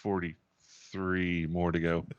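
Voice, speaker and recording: A man hosting a podcast and narrating as game master, rambling and relaxed and laughing often, in dull lo-fi audio. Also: deep voice, slow pace. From Tennessee. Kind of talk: casual chat and game narration.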